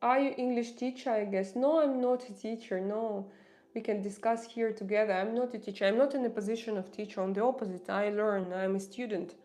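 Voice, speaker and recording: A woman hosting a livestream chats casually with her viewers in Russian-accented, non-native English, pausing and restarting often as she searches for words. Her voice is medium-pitched, steady and mellow.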